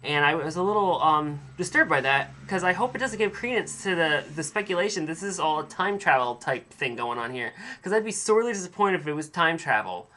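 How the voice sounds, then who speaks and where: A man with a fairly high, pushed and bright voice hosts a casual solo podcast, recapping a TV episode. He talks a little fast and animatedly with few pauses, rambling through chatty opinions full of fillers and restarts.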